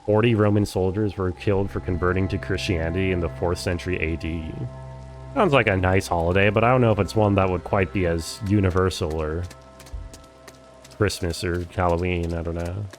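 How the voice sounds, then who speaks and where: Young Californian man, laid-back game streamer, rambling chat, lower register. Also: a little fast, soft background music. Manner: chatty, relaxed, lots of "like". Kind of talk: casual live-stream chat.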